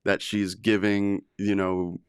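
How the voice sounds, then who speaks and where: A man's voice: fairly low pitch, flat delivery, slow, smooth, no room sound, studio quality. A man from Texas hosting a casual comedy podcast, laughing often and swearing freely as he tells stories. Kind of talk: casual chat.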